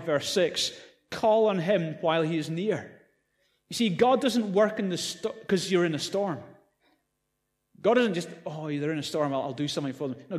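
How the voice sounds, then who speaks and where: Pastor, male, fairly high voice, chatty sermon with playful asides, long hall reverb. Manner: conversational preaching with playful asides.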